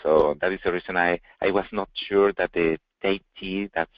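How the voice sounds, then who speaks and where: A man's voice: deep voice, fairly even intonation, moderate pace, dry recording. A man, a student in an online class, hesitantly practicing how to pronounce a word. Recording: dull, dry online call audio.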